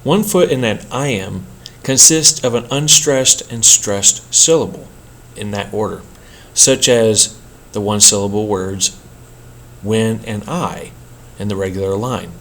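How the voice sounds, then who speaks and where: A man teaching a poetry workshop in a measured, explanatory lecture style, with an occasional slip. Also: lowish voice, a bit bright. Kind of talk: scripted lecture narration.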